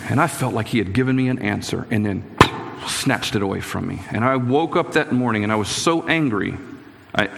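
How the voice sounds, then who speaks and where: Gravelly man preaching in a reverberant hall. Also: mid-range voice, fairly bright tone. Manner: earnest, personal storytelling with frequent restarts. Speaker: pastor. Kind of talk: sermon. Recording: echoey hall with long reverb.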